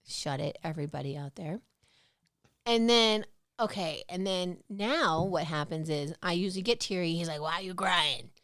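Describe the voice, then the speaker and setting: A woman's voice: on the low side, lively intonation, moderate pace, no echo, studio quality. A woman co-hosting a podcast, chatting frankly and swearing freely in a casual talk. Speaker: podcast co-host. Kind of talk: candid casual chat.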